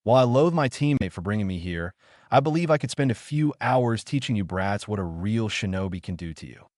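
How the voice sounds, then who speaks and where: A man voicing a brash teenage ninja boy who taunts in a rough, menacing way in a fan-fiction reading. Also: lowish voice, animated, a little fast, darkish tone, dry recording, clean studio sound, natural voice. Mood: mocking.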